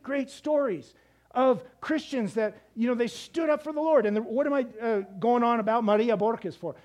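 A man's voice: high voice, a little mellow. A man preaching a sermon as a missionary, conversational and emphatic, often repeating words and restarting.

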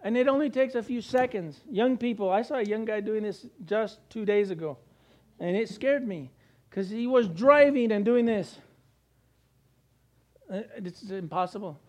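A middle-aged man preaching a sermon, animated, with jokey asides and acted-out quotes. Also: high voice, moderate pace. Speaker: pastor.

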